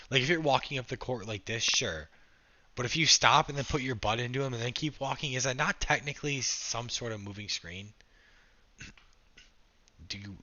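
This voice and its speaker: A young man talks through a live game on a stream, calling the score and replying to his chat. His voice is fairly low but sharp and forward, with a frustrated, casual edge. The audio is dull and lo-fi. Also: dry recording. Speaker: livestreamer reacting to a game.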